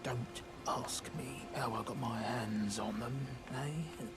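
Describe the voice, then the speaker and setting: A man voicing a sly male merchant in a video game, in a hushed, breathy whisper, as whispered role-play with a secretive sales pitch. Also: slow, natural voice. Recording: game audio under loud music.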